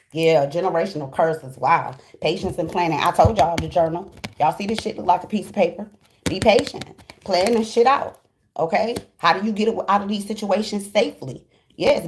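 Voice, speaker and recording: A woman's voice: on the low side, a little hiss or hum. A woman giving a casual tarot reading to her viewers, in a blunt, profane and emphatic voice full of slang. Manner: slangy and fast-flowing, acts out quoted voices. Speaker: tarot reader.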